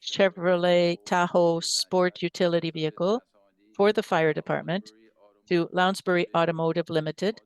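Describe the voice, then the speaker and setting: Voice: mid-range voice, normal speed, clean tone, no room sound, rough recording. Councillor reading a formal resolution. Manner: steady formal reading of figures and account numbers. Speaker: city councillor.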